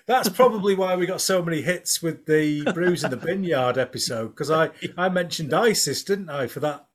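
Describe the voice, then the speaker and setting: A Yorkshire man in middle age chats on his podcast with a slightly higher voice than most men. He rambles and jokes freely, circling back over his own words. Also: normal speed. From Yorkshire, England. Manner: chatty, rambling, jokey, with many restarts. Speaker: podcast host. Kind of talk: casual chat.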